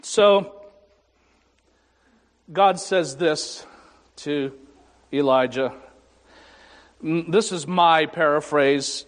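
A male pastor delivers a sermon in a church sanctuary, his fairly high voice unhurried and full of deliberate pauses. His words ring with a long reverb from the hall around him. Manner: dramatic pauses, voices scripture and God with rising emphasis.

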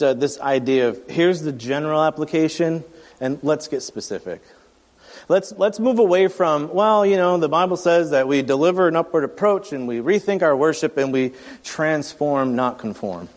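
A man's voice: sits high, long reverb tail. A man in his thirties preaching a sermon in a conversational, storytelling way, often restarting his sentences. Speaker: pastor.

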